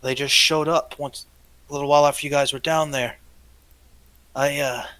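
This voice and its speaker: A man voicing a jittery male thief companion who talks quickly and swears under pressure in a tabletop game. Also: a little high, level tone, sharp tone, no echo. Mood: worried.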